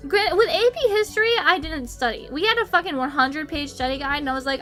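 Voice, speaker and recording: A woman's voice: high-pitched, lively intonation, quick pace, hardly any pauses, a bit bright, faint music behind. A young woman from the United States, chatting casually on a stream. She rambles, giggles, swears casually and pokes fun at herself. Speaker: VTuber streamer.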